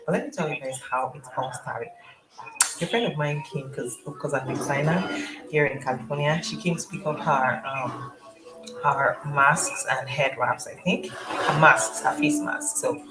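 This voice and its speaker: A chatty young woman hosts a live stream from home, greeting each viewer by name. Her voice sits low for a woman. A movie and music play in the background. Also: poor audio. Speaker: YouTuber hosting a live stream. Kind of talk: casual live-stream chat. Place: home at night, family watching a movie nearby. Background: movie sound and music.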